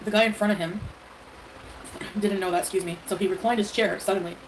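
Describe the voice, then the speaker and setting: A woman livestreamer talks in a loose, rambling way, defending herself and leaning on fillers. Her pitch sits in the middle. Clear background noise runs under the stream audio. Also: fairly even intonation, fast, poor audio. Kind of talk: casual livestream talk.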